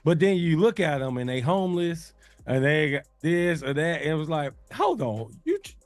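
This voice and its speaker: A man, animated in a casual talk radio discussion, acting out the voices of people he quotes. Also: on the high side, moderate pace, dry recording, faint music behind.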